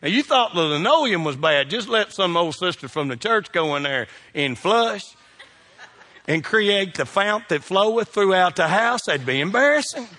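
A middle-aged man, a pastor telling funny stories in a sermon, folksy and animated, shouting his punchlines. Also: sits high, moderate pace. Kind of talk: humorous sermon storytelling.

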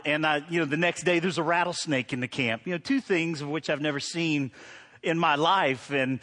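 Middle-aged male pastor, high-pitched, conversational sermon with loud preaching peaks. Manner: storytelling, swings from quiet to loud preaching.

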